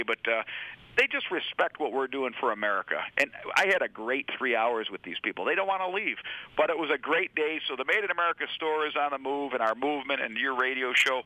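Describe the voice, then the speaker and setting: A man, a store owner chatting on a radio show in a rambling, halting way full of fillers. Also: medium pitch, bright, forceful tone, no room sound, rough recording. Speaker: store owner, regular guest. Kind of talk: casual radio chat.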